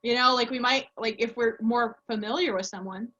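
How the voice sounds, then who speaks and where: Woman teacher, casual colleague chat, slightly high voice, acts out quotes, dull lo-fi sound. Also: normal speed, sharp tone. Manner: chatty, acts out quoted speech. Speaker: language teacher. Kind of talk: casual professional discussion.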